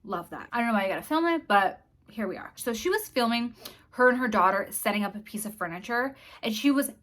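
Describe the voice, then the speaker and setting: A woman's voice: a little high, animated, fast talker, a bit bright. A woman hosting her own channel, talking casually and bluntly to camera with open disgust. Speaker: commentary vlogger host.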